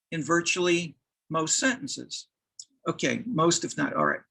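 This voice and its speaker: Man, university lecturer, gravelly, bright, halting with restarts. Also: fairly high pitch, animated, low-quality recording. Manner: halting, many restarts and fillers.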